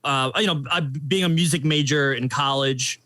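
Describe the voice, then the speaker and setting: A man's voice: on the high side, normal speed, sharp tone, no room sound. A young man, a guest on a podcast, chatting casually in a rambling, jokey way with many fillers. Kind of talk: casual chat.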